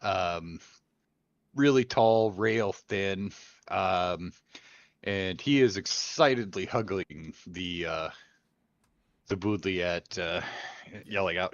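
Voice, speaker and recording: A man's voice: low-pitched, takes it slowly, long pauses, no echo, lo-fi sound. A man playing a tabletop game over voice chat, describing a character with lots of hesitation. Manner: hesitant, full of ums. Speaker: player.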